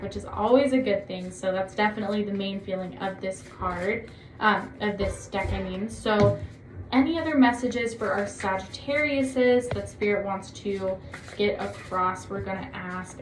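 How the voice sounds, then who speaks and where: A woman giving a casual tarot reading to her viewers, chatty and encouraging, often gushing with excitement. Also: medium pitch, slight background noise. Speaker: tarot reader. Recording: echoey room.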